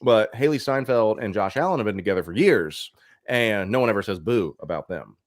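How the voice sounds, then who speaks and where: Low-voiced cincinnati guy, blunt, swears a lot, casual podcast talk. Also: animated, a little fast, dry recording, studio quality. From Cincinnati, USA. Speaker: co-host.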